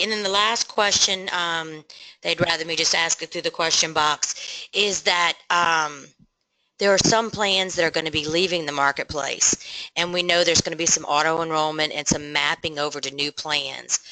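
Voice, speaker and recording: A webinar moderator reading out audience questions quickly, with fillers. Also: mid-range voice, fairly even intonation, pushed and bright, no echo, low-quality recording.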